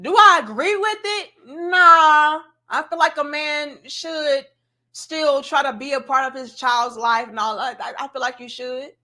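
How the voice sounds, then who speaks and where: A woman with a high voice hosts a casual commentary show. She talks in a bright, sharp tone and lectures her viewers emphatically. She speaks straight at the audience. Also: a little slow.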